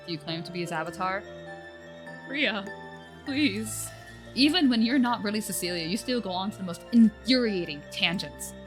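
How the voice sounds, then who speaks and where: A woman's voice: medium pitch, animated, normal speed, lightly acted. A woman voicing an earnest young woman who firmly insists on justice. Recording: game music playing loudly behind.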